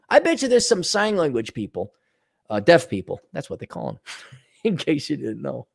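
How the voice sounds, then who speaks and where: A man's voice: a little high, moderate pace, gravelly. A man hosting a podcast, delivering a profane, sarcastic solo rant with scornful asides. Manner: animated, mocking voices in quotes. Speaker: podcast host. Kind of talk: ranting solo commentary.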